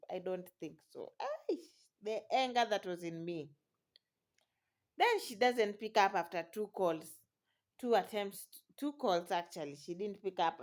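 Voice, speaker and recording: A woman, a new mother, telling a personal story in an exclamatory, dramatic way with frequent laughter. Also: mid-range voice.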